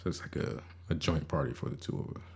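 Male podcast host, very low voice, rambling, stammering, self-deprecating. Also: quick pace, creaky, husky. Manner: rambling, stammering restarts, frequent swearing. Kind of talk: casual podcast monologue.

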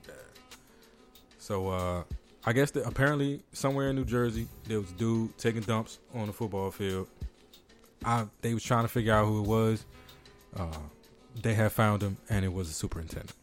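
A man's voice: fairly low pitch, moderate pace, soft background music. A man hosting a casual podcast, joking around and reading news stories aloud to his co-host.

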